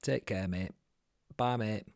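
A man's voice: lowish voice, slow, creaky, darkish tone, smooth, dry recording, studio quality. A British man putting on a Northern English accent as a friendly local man who says mate over and over. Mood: jokey. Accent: Northern English put-on. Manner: repeats mate in a cheery drawl.

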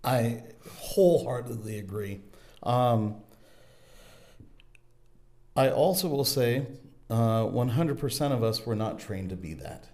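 A man's voice: medium pitch, expressive, slow, pauses often, a little mellow. A man hosting a casual interview podcast, speaking earnestly and agreeing with his guest. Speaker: podcast host.

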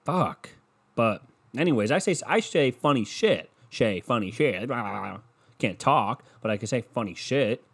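A man hosts a solo podcast at a mid-range pitch, talking into a bedroom microphone. He rambles and swears freely, jumping from one gripe to the next with a jokey edge. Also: lively intonation, normal speed, vocal fry, fairly bright tone, slightly rough. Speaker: podcast host. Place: bedroom, in the dark.

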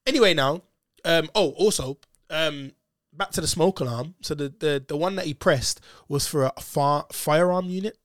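Slangy young man, fairly high voice. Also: moderate pace, a bit bright, no room sound, clean studio sound. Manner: slangy, laughs often, acts out voices in his story. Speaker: storyteller in a casual chat. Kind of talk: casual chat, animated anecdote.

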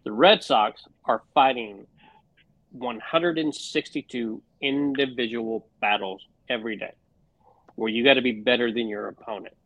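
A man's voice: medium pitch, measured pace, a bit bright, dry recording. Profane fired-up man. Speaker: podcast co-host. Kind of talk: casual sports podcast chat.

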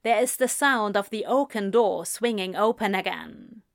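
A woman reading erotic fiction aloud in a slow, breathy, intimate way. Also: medium pitch, no room sound, studio quality. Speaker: narrator.

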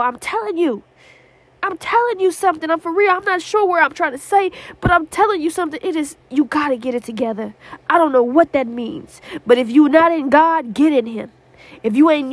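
A woman's voice: high-pitched, no echo. A woman hosting a podcast, praying and exhorting fervently from her prayer closet, repeating herself as she pleads. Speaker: podcast host. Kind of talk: impassioned spoken prayer and exhortation.

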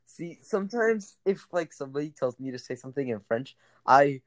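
Young man, mid pitch, casual rambling chatter full of fillers, dry close mic. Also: expressive, brisk, dry recording. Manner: rambling, laughs often, says like a lot. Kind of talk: casual chat.

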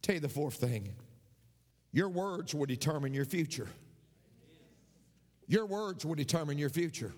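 A male pastor preaching slowly and emphatically, repeating lines and reciting scripture. His voice is high and swings widely in pitch, with a long reverb trailing behind him. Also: lively intonation, darkish tone. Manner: emphatic, repeats key phrases, quotes scripture. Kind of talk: sermon.

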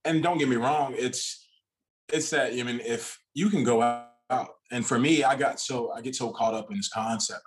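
A man's voice: mid-range voice, moderate pace. A man talking as a podcast guest in a casual, rambling way, with loose, restarting sentences. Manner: rambling, many fillers and restarts.

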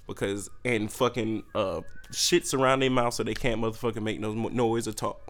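A young man hosting a podcast, ranting in a profane, animated way with sudden jumps in pitch. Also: normal speed. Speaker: podcast host. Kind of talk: solo comedic rant.

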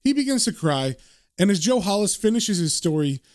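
A man casually retelling a comic book story, animated and relishing the gory scenes. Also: high voice, moderate pace.

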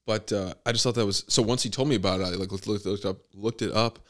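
A man's voice: lowish voice, steady tone, quick pace. Rambling, laid-back young man, swears a lot. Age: young adult. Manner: rambling, heavy on fillers and swearing. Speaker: podcast host. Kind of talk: casual chat.

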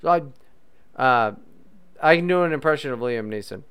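A man's voice: fairly high pitch, expressive, very fast, fairly bright tone, clean tone. A man co-hosting a podcast, bantering crudely and trying out silly impressions. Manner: jokey, tries silly impressions and bits. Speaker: podcast co-host.

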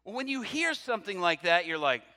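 A man preaching a sermon, telling a story with quoted dialogue and swinging from loud to hushed. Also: sits high, big pitch swings, fairly quick, big-room sound.

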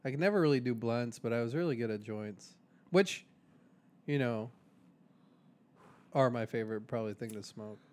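A man's voice: medium pitch, moderate pace, pauses often, darkish tone. A young man co-hosting a podcast, chatting in a joking, teasing, slangy way. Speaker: podcast co-host. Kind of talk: casual chat.

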